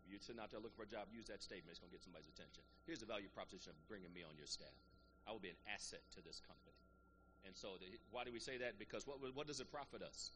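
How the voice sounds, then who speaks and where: A man's voice: lowish voice, wildly swooping pitch, racing, sharp tone, a little hiss or hum. A man preaching a sermon to a congregation, rising into emphatic call-and-response and easing back into plain teaching.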